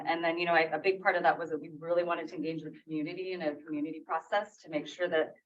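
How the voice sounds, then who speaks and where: A woman on library staff giving an informal update at a public meeting, correcting herself as she goes. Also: lowish voice. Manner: casual, self-correcting, laughs off slips. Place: meeting room. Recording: distant, dull lo-fi meeting audio.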